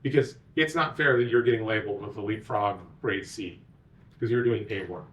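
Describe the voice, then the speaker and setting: A man, a physician executive, giving a conference talk with animated, sarcastic asides. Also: lowish voice, a little fast, recorded from a distance, highs cut off.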